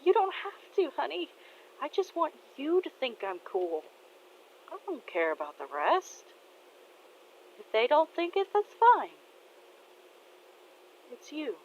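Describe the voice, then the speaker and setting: A woman voicing a soft-hearted, tearful father who talks to his daughter in a tender, soothing way. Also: high voice, very animated, slow, pauses often, highs cut off, slight background noise, voice pushed up, exaggerated voice.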